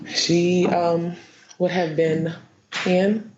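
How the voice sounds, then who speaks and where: Halting woman witness in echoey court. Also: lowish voice, flat delivery, background noise. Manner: halting, repeats herself, many fillers. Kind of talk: courtroom testimony. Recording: echoey muffled courtroom stream.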